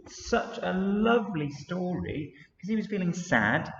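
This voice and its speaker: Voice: medium pitch, big pitch swings, takes it slowly, a little hiss or hum. A teacher chatting with a colleague and encouraging children at home to join in, in a large room. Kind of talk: chatting and leading a children's dance song. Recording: echoey room from far off, dull.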